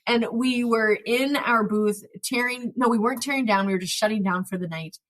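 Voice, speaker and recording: A woman hosting a podcast, telling a story in casual chat and acting out the quoted lines with a lively delivery. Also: fairly high pitch, brisk, low-quality recording. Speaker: podcast host.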